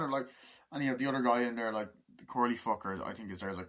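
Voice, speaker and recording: A man talks through a film review in a loose, rambling way. His speech is full of swearing and restarts, and he keeps jumping into loud, high shouted lines to act out the scenes. His voice sits in an ordinary middle pitch for a man. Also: fast. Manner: rambling, swears a lot, acts out quotes in a raised shouting voice. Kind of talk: casual spoken film review.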